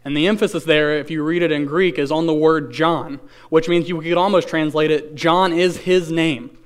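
A man preaching a sermon, reading scripture aloud and then explaining it in an earnest, conversational way, with rhetorical questions and slow, stressed key phrases. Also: on the high side, fairly even intonation, smooth. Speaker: pastor.

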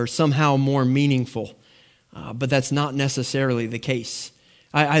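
Pastor, male, fairly high voice, conversational sermon, earnest delivery. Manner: earnest, conversational preaching with frequent restarts.

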